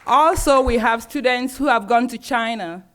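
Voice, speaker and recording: A woman's voice: on the high side, moderate pace, a bit bright, a faint crowd, slight background noise. A woman who directs a university's global programs, formally presenting a ceremony with frequent hesitations. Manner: formal, with frequent ums and uhs. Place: university auditorium.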